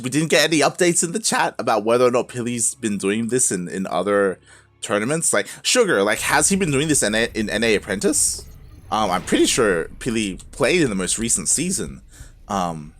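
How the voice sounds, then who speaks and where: A man casting a live strategy game tournament, moving from calm play-by-play to loud shouting, laughing often and talking in casual slang. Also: medium pitch. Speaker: esports caster.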